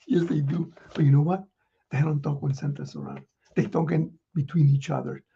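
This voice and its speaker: A man playing Santa Claus, reading children's letters with a folksy chuckle and many pauses. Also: fairly high pitch, sing-song, creaky, dark tone, husky, lo-fi sound. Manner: chuckling, folksy, halting with fillers.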